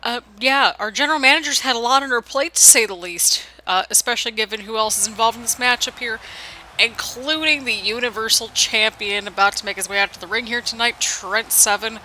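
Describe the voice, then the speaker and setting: Woman doing a let's play from her apartment, bright fairly high voice, rambly and laughing at her own flubs. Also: fairly quick, slight background noise, poor audio. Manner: rambling and self-deprecating, jokes about her own slip-ups. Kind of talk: casual play-by-play commentary over a video game. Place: home apartment.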